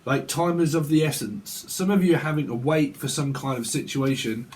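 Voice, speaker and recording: A tarot reader with a fairly high, slightly mellow voice rambles through a casual, joking reading at normal speed. He swears along the way and laughs at himself.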